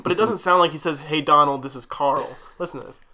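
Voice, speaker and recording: Young guy on a podcast, kinda high bright voice, rambles and giggles a lot. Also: fast. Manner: giggly, rambling, often laughing. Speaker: podcast co-host. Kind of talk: casual podcast banter.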